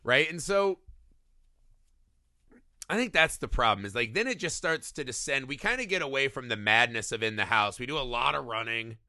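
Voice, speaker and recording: A man co-hosting a casual movie podcast, talking in an animated, profane way and acting out scenes in goofy voices. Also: medium pitch, normal speed, no room sound, studio quality. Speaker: podcast co-host. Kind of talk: casual movie-review chat.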